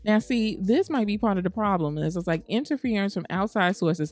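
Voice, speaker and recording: A woman's voice: medium pitch, lively intonation, normal speed, a little mellow, faint music behind. A woman hosting a gaming channel, chatting casually through gameplay and saying things like "y'all" and "girl".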